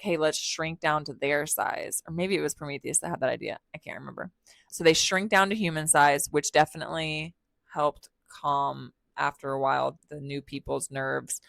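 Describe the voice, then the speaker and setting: A young woman with a low voice retells an old story for her podcast in loose, slangy, irreverent chat. She swears freely and throws in the characters' lines in her own voice. The recording is dry and close, with no room echo. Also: gravelly, fairly bright tone. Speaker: podcast host. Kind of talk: casual storytelling of myths.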